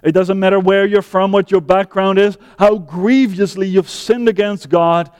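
A male pastor preaching a sermon in measured phrases, often asking rhetorical questions. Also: high voice, steady tone, a little mellow, clean tone, in a large hall.

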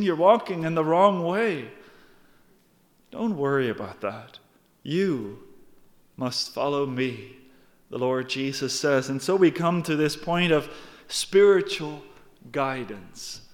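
An earnest man preaches with emphasis and speaks straight to his congregation. His voice sits a little high. A long reverb trails each phrase, as in a large hall. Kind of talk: sermon.

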